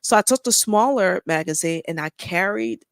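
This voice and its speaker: A woman's voice: lowish voice, expressive, normal speed, no room sound, studio quality. A woman guest on a podcast, telling a personal story in an earnest, heartfelt way with frequent ums. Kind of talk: casual interview chat.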